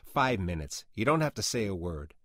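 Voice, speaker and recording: A man's voice: lowish voice, very animated, moderate pace, a bit bright, no room sound, clean studio sound. A man voicing a pushy, persuasive man who coaxes a coworker in an urgent way. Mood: urging.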